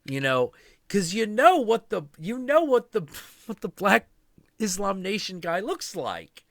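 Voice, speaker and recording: Man, animated storyteller, profane, bright voice, dry mic. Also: high voice, a little slow, gravelly, no room sound. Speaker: show host. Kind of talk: casual storytelling on a livestream.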